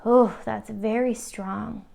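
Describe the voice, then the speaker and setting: A woman gives an intuitive tarot reading at an unhurried pace. Her voice has a gravelly, creaky edge, and her tone is soft and earnest, with frequent "like" fillers. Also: a little high, steady tone. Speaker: tarot reader. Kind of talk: intuitive pick-a-card reading.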